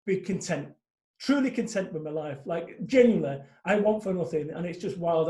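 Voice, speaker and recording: A man's voice: on the high side, a little mellow. A man in his forties, a guest speaker talking bluntly and animatedly in a casual interview, swearing freely. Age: 40s. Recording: echoey room.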